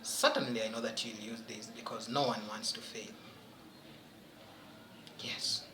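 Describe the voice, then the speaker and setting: A man's voice: on the low side, fairly even intonation, a little slow, reverberant, noisy background. A man teaching a French exam-prep lesson, emphatic and questioning his students as he goes.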